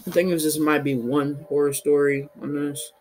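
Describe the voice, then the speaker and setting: A young man hosting a video, giving casual reaction commentary in slangy, excitable chatter. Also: fairly high pitch, normal speed. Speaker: video host reacting to animations.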